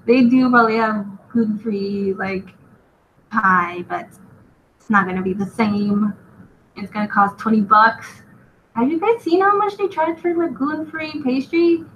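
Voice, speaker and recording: A woman's voice: mid-range voice, fairly bright tone. Chatty woman rambling while she draws. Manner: rambling, chatty, often laughs at herself. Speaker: artist streaming a drawing session. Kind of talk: casual chat while drawing. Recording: lo-fi with clear background noise.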